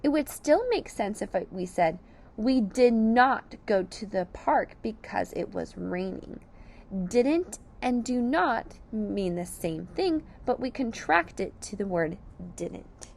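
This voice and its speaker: This phonics teacher has a medium-pitched, gravelly, slightly mellow voice. She works slowly through sight words with young kids, breaking down each letter and syllable and giving the class praise, with a bit of hiss or hum in the recording.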